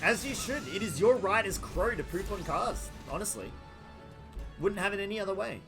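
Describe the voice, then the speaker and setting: A man's voice: high-pitched, animated, normal speed, music in the background. An Australian man chatting casually with his viewers while streaming a game from home, greeting people by name. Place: home room.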